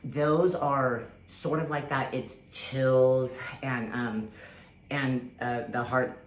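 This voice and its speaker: Woman, very low voice, casual rambling storytelling, fillers and restarts, echoey room. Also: fairly even intonation, slow pace. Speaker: spiritual vlogger. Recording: echoey room with faint background hiss.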